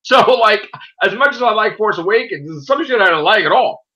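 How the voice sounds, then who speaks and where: A man talks in a loose, casual chat and rants with plenty of swearing. His pitch leaps up and down as he gets worked up. His tone is bright and forceful. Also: a little fast, low-quality recording. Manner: animated, profane ranting. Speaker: podcast host.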